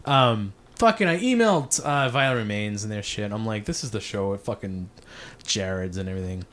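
A man's voice: fairly low pitch, lively intonation, brisk, a bit bright. A man telling a rambling, profanity-heavy story in casual podcast chat, apologizing for ranting.

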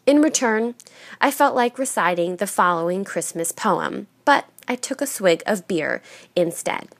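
A woman reading her own story aloud at a mid pitch, with a gravelly, creaky edge on her voice. She keeps a steady narrating pace. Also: a little slow, dry recording.

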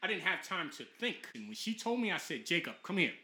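Lively, bright-voiced storytelling dad. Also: male voice, high voice, fairly quick, roomy sound. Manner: animated storytelling, acts out quotes. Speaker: podcast host, father. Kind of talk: casual podcast chat.

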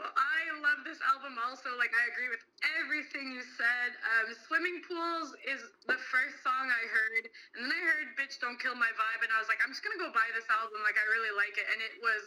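A woman's voice: on the high side, pushed and bright, rough recording. A young woman co-hosting a podcast, chatting casually and enthusiastically about albums, with lots of "like" fillers. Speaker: podcast co-host. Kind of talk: casual music chat.

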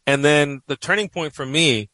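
A man's voice: fairly high pitch, moderate pace, bright, forceful tone, no room sound, low-quality recording. Male guest, 40s, from New York, reflective storyteller who rambles, dry studio sound. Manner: reflective, rambling, many "you know"s. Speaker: guest columnist. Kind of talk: personal storytelling in a radio interview.

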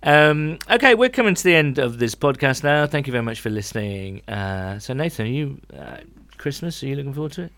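A man's voice: mid-range voice, animated, brisk, few pauses, a bit bright, no echo. A man co-hosting a podcast, chatting and teasing his co-host in casual banter.

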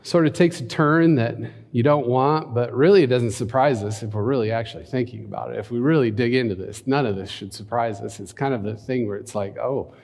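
A man's voice: medium pitch, a little fast, vocal fry, few pauses, darkish tone. A man preaching and reading scripture aloud, breaking in with conversational asides and leading a prayer. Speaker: pastor. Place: church hall. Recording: long hall reverb.

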